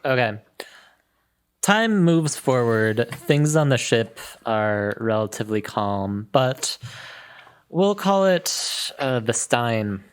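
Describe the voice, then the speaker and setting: Male game master, slow and loose narration. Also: mid-range voice, very animated, smooth. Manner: unhurried, filler-heavy, trailing off quietly.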